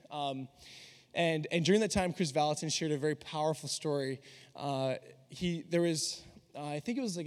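A young man giving a sermon in an earnest, conversational way, slipping into quoted dialogue. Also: on the high side. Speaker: preacher. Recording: long reverb of a large hall.

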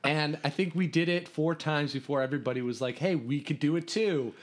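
A man from Hungary, a podcast guest, telling a story in an animated, rambling way with lots of restarts. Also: fairly high pitch, a little fast. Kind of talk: casual storytelling.

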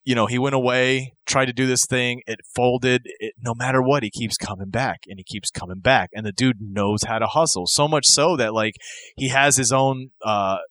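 A man's voice: mid-range voice, moderate pace, a bit bright, no echo. A man co-hosting a podcast, talking casually and enthusiastically, rambling with restarts. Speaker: podcast co-host. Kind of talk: casual chat.

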